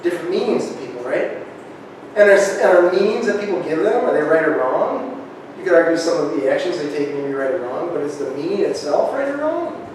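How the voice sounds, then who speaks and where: A man giving a lively workshop talk to a live group, often checking in with "right?", recorded on a distant camera. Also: fairly high pitch, a little hiss or hum. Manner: energetic, keeps asking "right?". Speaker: presenter. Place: large echoey room. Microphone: camera far from speaker. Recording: echoey hall, distant camera.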